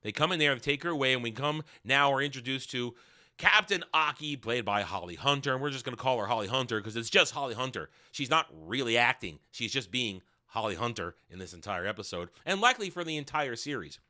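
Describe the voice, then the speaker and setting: A sarcastic man rambles through a casual show recap with profane asides. His voice is sharp and forceful, and his pitch swings in a lively way. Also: fairly quick. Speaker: TV review host. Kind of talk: casual spoken review recap.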